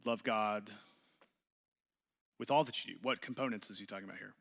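During a Bible study, a man reads scripture aloud and explains it to a group, posing questions as he goes. His creaky voice moves fairly quickly, and he gets louder and higher in pitch whenever he stresses a point.

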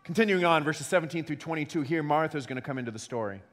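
A man preaching a sermon in an animated way, repeating words as he acts out quotes. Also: on the high side, fast talker. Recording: long hall reverb.

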